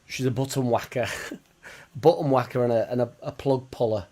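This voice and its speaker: A man's voice: mid-range voice, fairly even intonation, moderate pace, warm tone. A Yorkshire man hosting a casual football watchalong stream, chatting bluntly with viewers, swearing and bantering. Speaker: livestream host.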